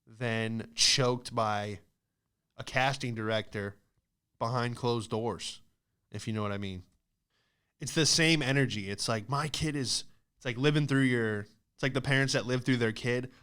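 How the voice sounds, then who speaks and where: A man's voice: mid-range voice, fairly even intonation, measured pace, fairly bright tone, smooth. A man, a stand-up comedian hosting a podcast, ranting casually with a lot of swearing and "dude" and "like".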